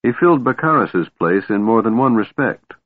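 A man voicing a cold, scheming female warlord who speaks coolly and smoothly. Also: mid-range voice, expressive, moderate pace, dry recording, voice pushed up, lightly acted. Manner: cool, cutting, smooth. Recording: narrow phone-like sound, dry.

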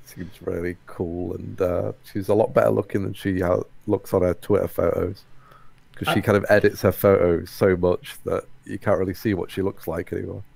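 A very deep, gravelly male voice. He talks in a laid-back, casual way, often pausing on fillers as he finds his words. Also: flat delivery, a little mellow, dry recording. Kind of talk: casual podcast chat.

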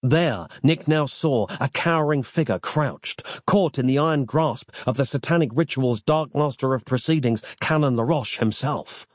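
A man reads a fantasy novel aloud with theatrical flair, his voice rising and falling in a lively way. The recording is close and dry, with no room sound. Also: mid-range voice, normal speed, hardly any pauses, no echo. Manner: expressive, theatrical storytelling. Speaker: narrator. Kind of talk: scripted audiobook narration.

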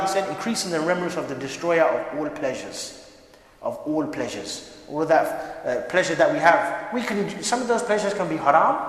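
Preacher, man, higher voice, lively joking sermon, booming hall reverb. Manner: lively, joking asides to the congregation. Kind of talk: mosque sermon. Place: mosque hall.

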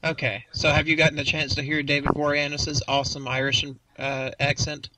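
Bright-voiced joking podcast host, a man. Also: on the high side, level tone, brisk, a little hiss or hum, poor audio. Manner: joking, chatty. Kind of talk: casual chat.

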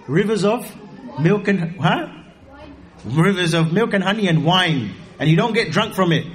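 A man giving an animated sermon, joking and rising to high exclaims. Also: normal speed. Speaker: preacher.

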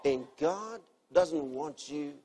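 A man preaching a sermon, earnestly teaching and repeating key phrases, moving between soft, quiet lines and emphatic ones. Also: a little high, lively intonation, slow, a little hiss or hum.

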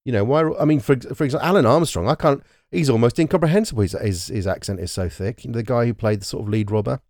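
Fast and a little mellow, his mid-range voice comes through clean studio sound with no echo. A British co-host on a podcast, he discusses a film casually in bursts, with frequent restarts and an occasional swear word.

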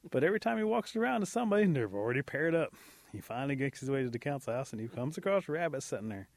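Lively male folk storyteller, dry sound. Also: medium pitch, rapid-fire, vocal fry, no room sound. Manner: lively, humorous, animated.

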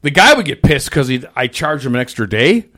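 A man in casual conversation, swearing freely and telling stories about his fast food job, mimicking the voices of the people in them. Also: mid-range voice, sing-song, fairly bright tone. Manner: profane storyteller, mimics people in shifting voices. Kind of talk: casual chat.

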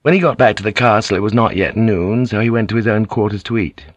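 Low-voiced man narrating an audiobook. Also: fast, dry recording.

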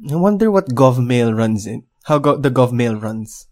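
A man's voice: medium pitch, animated, moderate pace, darkish tone. A man co-hosting a podcast in casual tech chat, teasing and laughing often as he talks. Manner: giggly, teasing, lots of laughter. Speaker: podcast co-host. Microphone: desk mic.

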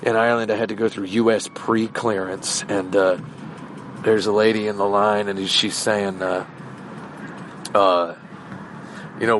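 A low-voiced man telling a long, casual story in a meandering way, circling back with fillers and restarts. He sounds like a podcast host recording while walking outdoors. Faint traffic hums behind him. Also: flat delivery, moderate pace, long pauses, fairly bright tone. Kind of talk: rambling casual anecdote. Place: outdoors, walking around shops.

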